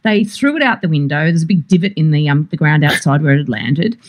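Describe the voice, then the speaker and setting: A woman's voice: low-pitched, lively intonation, fast talker. An Australian woman co-hosting a podcast in casual chat, rambling through anecdotes and laughing often. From Sydney, Australia. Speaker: podcast co-host.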